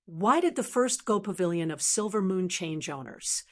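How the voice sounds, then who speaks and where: A woman's voice: fairly low pitch, expressive, normal speed, close to an everyday voice. A woman voicing a stern old man of rank who speaks coldly and gives commands, in an audiobook. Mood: cold anger. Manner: cold, commanding. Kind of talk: audiobook character reading.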